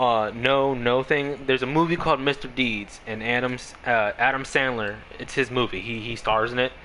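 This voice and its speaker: A man's voice: mid-range voice, a bit bright, slight background noise, rough recording. A male streamer chatting casually on a game stream, rambling, with lots of fillers and frequent laughs.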